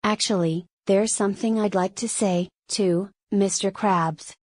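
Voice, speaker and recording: A text-to-speech woman's voice playing a prim, polite middle-aged female pufferfish, in a flat synthetic reading. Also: medium pitch, a little slow, dry recording, close to an everyday voice.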